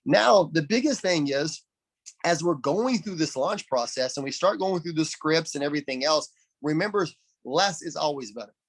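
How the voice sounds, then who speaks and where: A man leading a team call, coaching in an energetic, emphatic way and repeating phrases for stress. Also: fairly high pitch, husky. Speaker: network marketing team leader. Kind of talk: coaching talk on a group call.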